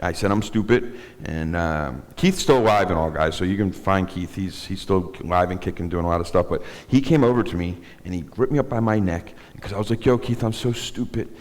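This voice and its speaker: Deep-voiced middle-aged man telling his story from the bimah, candid and self-mocking, with a long sanctuary echo. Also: a little fast, few pauses. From South Philadelphia. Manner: candid, rambling storyteller with self-deprecating humor. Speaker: guest speaker. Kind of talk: personal testimony talk. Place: synagogue sanctuary.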